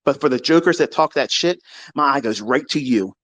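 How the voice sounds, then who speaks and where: A man hosting a live audio space, ranting in a profane, combative, boastful way and swinging between low mutters and shouts. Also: expressive, brisk, dry recording.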